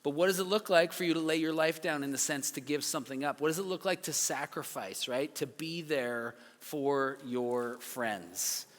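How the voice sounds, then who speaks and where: Thirties male youth pastor, animated storyteller, long reverb. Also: on the high side, moderate pace, hardly any pauses. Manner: animated storytelling, acts out quoted lines. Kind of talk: youth sermon.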